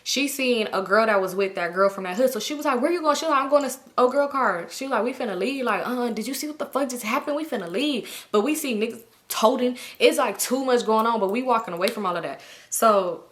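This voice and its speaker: Animated woman telling a story. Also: quick pace. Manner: animated, acts out quotes with big pitch jumps. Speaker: storytime vlogger. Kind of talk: casual storytelling.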